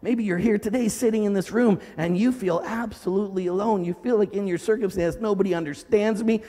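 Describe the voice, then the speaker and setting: Male pastor, high voice, dramatic sermon, loud cries and low murmurs, long hall reverb. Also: brisk. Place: church hall.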